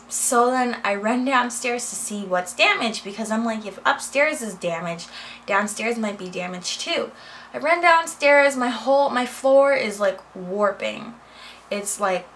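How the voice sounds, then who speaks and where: A woman's voice: mid-range voice, slight background noise, poor audio. Chatty woman telling a home story. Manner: animated, chatty retelling with quoted dialogue. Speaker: vlogger. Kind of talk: casual storytime vlog. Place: home office.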